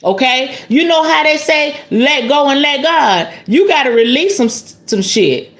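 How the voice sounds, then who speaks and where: A woman giving a spiritual tarot reading in a casual, animated, preachy way, with some swearing. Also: high-pitched, a little slow, echoey room. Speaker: tarot reader.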